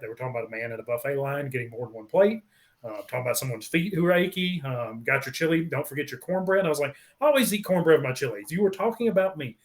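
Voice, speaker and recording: A man co-hosting a casual podcast, rambling through an album track by track with many pauses and fillers. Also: medium pitch. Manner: rambling, many ums, lists songs one by one. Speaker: podcast co-host. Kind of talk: casual album review chat.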